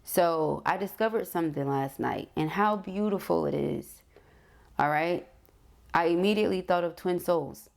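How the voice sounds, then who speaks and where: Low, gravelly-voiced woman reading tarot. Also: normal speed. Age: adult. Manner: frequent "okay?" check-ins, affirming. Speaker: tarot reader.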